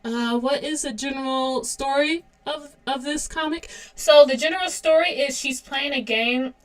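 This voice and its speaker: A webcomic artist in her thirties chats casually on a livestream while she draws. Her high voice moves at a moderate pace, and she's self-deprecating, laughing often.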